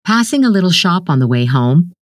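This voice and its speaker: A woman narrating a literary short story in a measured, even storytelling manner. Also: on the low side, no room sound, clean studio sound.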